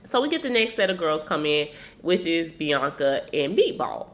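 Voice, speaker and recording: A woman casually recapping a reality show in an animated, slangy, gossipy way. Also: deep voice, normal speed. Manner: animated, slangy, slips into acted quotes.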